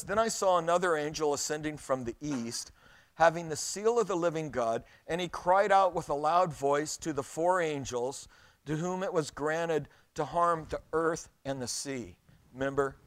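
A middle-aged man preaches with lively storytelling, moving between scripture readings and his own anecdotes. His voice sits a little high for a man, and he often doubles back on his words as he builds a point. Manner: animated storytelling, reads scripture aloud, repeats words. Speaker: pastor. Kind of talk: sermon.

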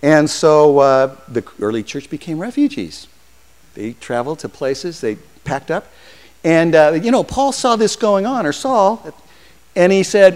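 An older man preaches to his congregation, telling the story with animated energy and slipping into voices for the people in it. His voice sits a little high for a man. A long reverb trails behind each phrase, as in a church hall. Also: a little slow. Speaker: pastor. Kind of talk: sermon.

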